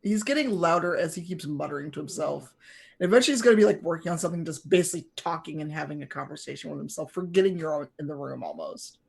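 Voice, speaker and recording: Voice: mid-range voice, expressive, fast, gravelly, husky. A game master narrating a tabletop game in a rambling way, full of fillers and restarts.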